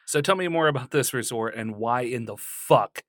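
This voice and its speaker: A man's voice: medium pitch, moderate pace, a bit bright, no room sound, clean studio sound. A man co-hosting a podcast in casual chat, laid-back, laughing often and swearing casually. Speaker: podcast co-host. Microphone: studio mic.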